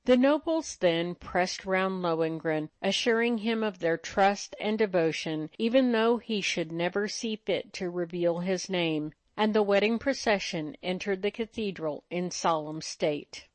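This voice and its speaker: A woman narrating an old legend in a measured, even storytelling manner. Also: medium pitch, dry recording. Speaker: audiobook narrator.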